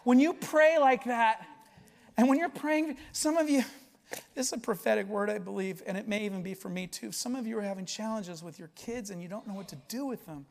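Male pastor, very high voice, passionate preaching, loud to hushed, long hall reverb. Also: brisk, gravelly. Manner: impassioned, swings from loud to hushed. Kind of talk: sermon. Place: church sanctuary.

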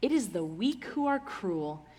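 Woman, calm measured teaching, sermon, hall reverb. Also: mid-range voice.

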